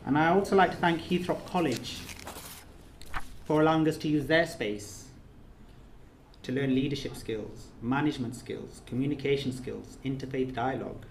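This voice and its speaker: A man's voice: medium pitch, moderate pace, vocal fry, echoey room, slight background noise. A man leading a course, giving an emotional thank-you speech, earnest and repetitive, his phrases rising to emphatic peaks. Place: reception room of an official residence.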